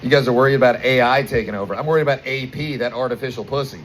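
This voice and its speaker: Twenties American guy doing stand-up, crude and animated, middle-pitched voice, a faint hum of noise behind. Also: racing, rough recording. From United States. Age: 20s. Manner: crude, animated storytelling with acted-out quotes. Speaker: stand-up comedian. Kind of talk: stand-up comedy set. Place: outdoors at a bar.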